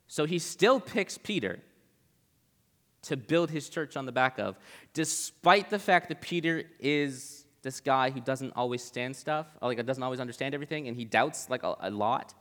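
A man giving a casual, joking Bible talk, acting out the people in the story in quick voices. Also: mid-range voice, expressive, fairly bright tone, long reverb tail.

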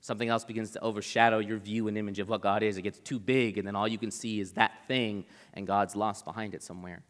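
A man's voice: fairly low pitch, steady tone, fast talker, hardly any pauses. A young man giving a casual Bible talk as a preacher, chatty and conversational, with lots of "like" in his speech. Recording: long reverb of a large hall.

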